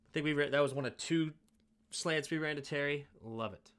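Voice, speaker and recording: A man's voice: a little high, fairly quick, fairly bright tone, clean tone. A man hosting a sports show, casually breaking down game film and thinking aloud with self-mocking asides.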